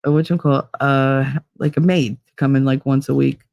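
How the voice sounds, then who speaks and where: A woman hosts a casual stream from home, talking bluntly and swearing freely while greeting viewers with pet names like honey and babe. Her voice has a gravelly fry to it. The sound is dry and close to the mic. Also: very deep voice, fairly even intonation, fairly quick, a little mellow, no room sound. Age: 50s. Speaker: livestream host. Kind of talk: casual chat reading viewer comments.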